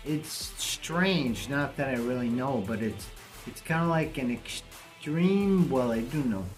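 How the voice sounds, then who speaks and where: A man's voice: medium pitch, lively intonation, takes it slowly, faint music behind. A man talking bluntly and casually to camera in a vlog, cursing now and then. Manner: blunt, plainspoken, swears casually. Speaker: vlogger.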